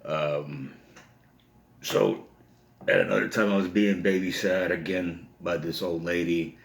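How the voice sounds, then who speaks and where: A man's voice: low voice, unhurried, creaky. A middle-aged man, telling an old story in a casual, rambling way, full of "you know.". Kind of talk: casual spoken anecdote. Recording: roomy echo.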